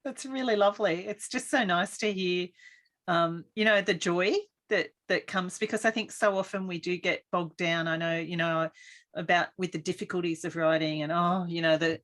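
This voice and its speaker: A woman hosts a podcast from a small studio, talking in a chatty, effusive way. Her voice sits a little low for a woman. The feel is a relaxed, friendly interview. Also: moderate pace. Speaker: podcast host. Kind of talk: casual interview chat.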